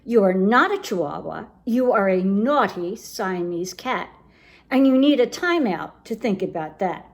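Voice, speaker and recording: A woman's voice: mid-range voice, lively intonation, a little slow. A woman voicing a firm mother cat who scolds and coaxes in a stern, persuasive way. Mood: scolding.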